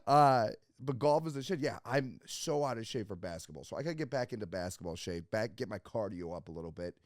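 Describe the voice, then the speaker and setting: A man's voice: on the low side, fast talker, a little mellow, no room sound. Young guy rambling on his podcast, jokey and sweary, dry close sound. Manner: rambling, jokey, self-mocking, swears freely. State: in a hot Halloween costume with gloves. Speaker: podcast host. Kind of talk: casual solo podcast chat. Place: home podcast setup with laptop.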